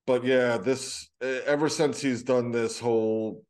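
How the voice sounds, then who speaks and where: A man co-hosting a wrestling podcast, giving his take in halting, agreeable casual chat. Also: mid-range voice, fairly even intonation, darkish tone. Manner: halting, agreeable, many restarts. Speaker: podcast co-host.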